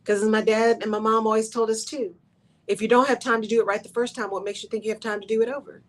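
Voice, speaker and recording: A woman's voice: on the high side, little pitch movement, quick pace. A woman hosting a talk radio show, speaking in an emphatic monologue that repeats its key phrases and keeps checking in with "right?".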